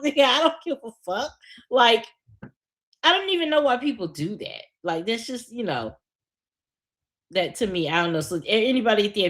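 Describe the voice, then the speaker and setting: A woman hosting a podcast in casual chat, venting bluntly with lots of swearing and laughing at her own stories. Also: medium pitch. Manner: animated venting. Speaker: podcast host.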